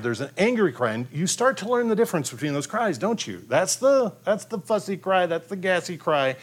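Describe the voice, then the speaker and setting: A man's voice: fairly high pitch, sing-song, moderate pace. A man preaching a conversational sermon on raising children, often restarting his sentences and acting out the cries of children. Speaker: pastor.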